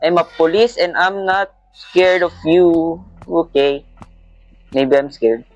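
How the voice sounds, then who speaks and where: Jumpy man gaming slowly. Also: fairly high pitch, highs cut off, soft background music. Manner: jumpy and excitable, yelps and shouts at scares. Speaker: gamer playing a horror game. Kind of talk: let's play commentary, mixing Tagalog and English.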